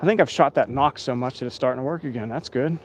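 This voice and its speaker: A man's voice: mid-range voice, fast, lo-fi sound, a little hiss or hum. A tired man hosting a casual live stream outdoors at night, rambling and chatting with his viewers.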